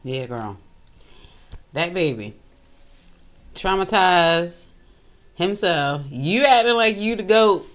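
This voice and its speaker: A woman's voice: fairly low pitch, lively intonation, slow, pauses often. Drawling woman reacting to clips. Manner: drawling, chatty, calls listeners honey. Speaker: reaction video host. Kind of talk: reaction commentary.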